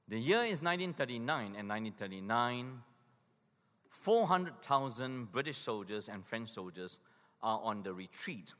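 A male pastor preaching a sermon with emphatic urgency, dropping to hushed lows for weight. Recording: long hall reverb.

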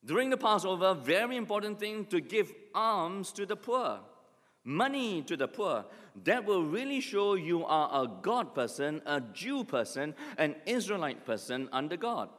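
A man preaching a sermon as pastor, telling stories with lively acted asides. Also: sits high, measured pace. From Singapore. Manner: animated storytelling with acted asides. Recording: long hall reverb.

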